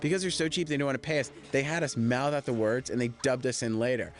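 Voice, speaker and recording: Man, fast talker, film director commentary, candid rambling anecdotes, swears a lot, studio mic. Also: mid-range voice. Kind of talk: DVD audio commentary.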